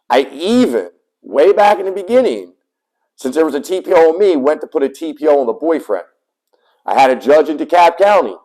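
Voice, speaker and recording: A man in a heated, profane rant straight to camera, blunt and emphatic, with sudden loud bursts as he tells his story. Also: mid-range voice, poor audio. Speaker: small business owner telling his custody story.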